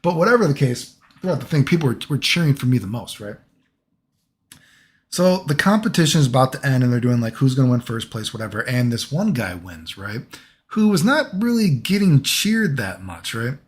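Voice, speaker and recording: A man's voice: medium pitch, very animated, a little fast. A young man casually telling a long story, rambling and swearing, tagging lines with "right?" and "dude".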